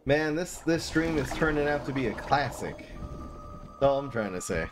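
A man giving casual live-stream commentary while playing a card game, thinking aloud and bursting into giggling excitement. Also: medium pitch, normal speed, over music.

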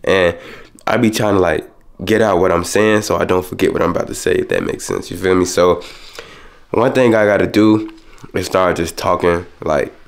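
A young man chats straight to camera from home, rushing his words and filling them with casual slang. His voice sits low and carries a gravelly rasp. The talk runs quick and loose. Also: fairly even intonation. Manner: talks fast and rushes his words; loose, slangy, peppered with "you feel me". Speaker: vlogger. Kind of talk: casual vlog chat to camera.

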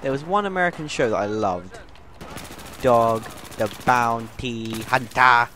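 A man chatting and swearing excitedly with friends while playing a shooter game. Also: medium pitch, unhurried, slight background noise. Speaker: gamer. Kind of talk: casual gameplay chat.

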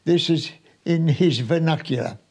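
Slow-talking man in his nineties. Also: fairly high pitch, a little mellow. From Sunderland, North East England. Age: 90s. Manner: unhurried, chatty storytelling with small restarts. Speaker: war veteran interviewee. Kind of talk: personal war memories told to an interviewer.

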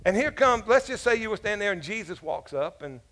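A man's voice: sits high, expressive, brisk, a bit bright. A man pastor preaching a sermon in a casual, joking storytelling manner, with asides to the congregation. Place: church.

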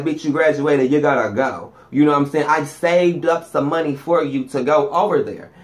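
A man, giving a profane, sassy gossip monologue as a vlogger, swinging his pitch up and down for emphasis.

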